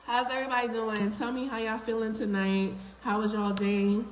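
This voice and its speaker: A woman hosts a casual live stream, warmly greeting her viewers by name. Her voice sits fairly high. The room is echoey, with a faint hiss of noise underneath. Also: flat delivery, normal speed, hardly any pauses.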